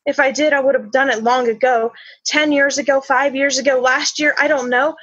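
A woman performing a spoken word poem in a slow, measured, halting delivery. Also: high voice, steady tone, fairly bright tone, dry recording. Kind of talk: spoken word poetry reading. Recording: dull, slightly lo-fi sound.

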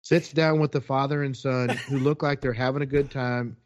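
A man's voice: medium pitch, moderate pace. Chatty man telling a story. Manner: animated, chatty, quotes people as he goes. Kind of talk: casual storytelling.

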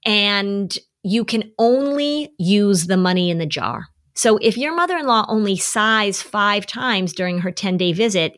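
A woman's voice: medium pitch, a bit bright. A woman hosting an advice show, talking straight to listeners and telling stories from her work and family. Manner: storytelling, playful, acts out quoted voices. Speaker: podcast host, family advice. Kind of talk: casual advice talk to listeners.

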